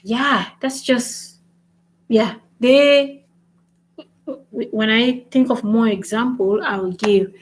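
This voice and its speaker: A woman's voice: fairly high pitch, takes it slowly, pauses often, rough recording. A woman hosting a casual language lesson vlog, switching between French and English and repeating points with "right?". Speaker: language-learning channel host.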